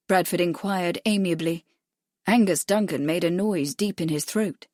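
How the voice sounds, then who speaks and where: A woman narrating an audiobook mystery in a measured, even reading, close to the mic. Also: on the low side, no room sound. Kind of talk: scripted narration.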